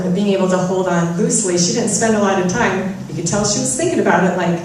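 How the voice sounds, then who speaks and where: A spiritual talk speaker with a mid-range voice talks fast, giving an inspirational talk full of personal stories and self-deprecating humor. She's far from the mic in a very echoey room, with a little hiss or hum.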